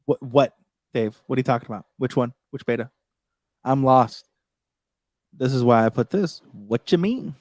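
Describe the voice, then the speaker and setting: A man's voice: medium pitch, moderate pace, pauses often, dry recording. Man, jokey livestream host, dry close sound, mid voice. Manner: excitable, laughing, jokey. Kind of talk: casual tech chat.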